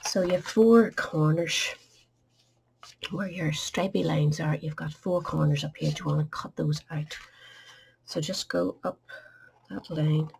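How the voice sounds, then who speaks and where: Low gravelly woman teaching a craft. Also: fairly even intonation, a little slow, long pauses, a little mellow, a little hiss or hum. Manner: chatty, instructive, drops to a murmur at times. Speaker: craft tutorial host. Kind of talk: step-by-step craft demonstration.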